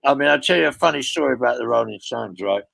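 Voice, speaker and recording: A man's voice: mid-range voice, animated, fast, vocal fry, a bit bright, poor audio. An older man telling long rambling road stories in a casual interview, swearing freely and padding with "you know what I mean". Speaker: guest storyteller.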